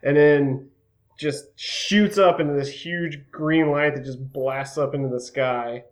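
A man playing a tabletop role-playing game, animatedly describing his character's actions with quick restarts and laughter. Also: on the high side. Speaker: player.

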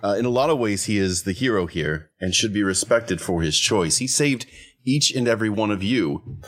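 A man voicing a calm ruler who explains himself in measured terms, in a tabletop game. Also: on the low side.

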